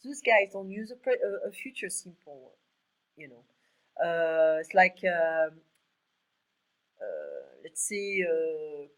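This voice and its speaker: A woman's voice: lowish voice, very animated, slow pace, pauses often, low-quality recording. A woman with a French accent, a native French speaker, giving a one-to-one French lesson over a video call. She drills verb forms aloud and explains them in English. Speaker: French tutor.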